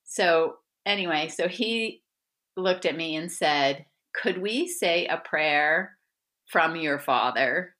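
Bright, animated woman storyteller. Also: low-pitched, slow. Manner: animated, acts out quoted voices, laughs often. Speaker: guest author. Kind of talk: conversational storytelling interview.

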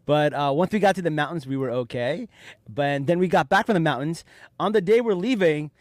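Excitable man with a dry voice. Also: a little high, moderate pace, dry recording. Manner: excitable rambling storyteller. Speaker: podcast host. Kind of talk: casual podcast chat.

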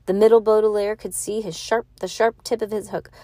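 Woman, mom reading aloud, casual, stumbles and restarts, mid pitch, dry close sound. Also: flat delivery, a little fast, dark tone, no room sound. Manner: casual, stumbles and restarts, laughs and comments between passages. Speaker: parent reading aloud to her child.

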